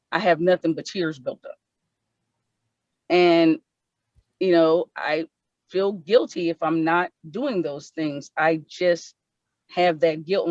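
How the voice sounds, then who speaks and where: A woman's voice: lowish voice, a little mellow, no echo. A woman presenter on an online panel, telling an emotional personal story in an earnest way and repeating herself when moved. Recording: dull lo-fi online call audio.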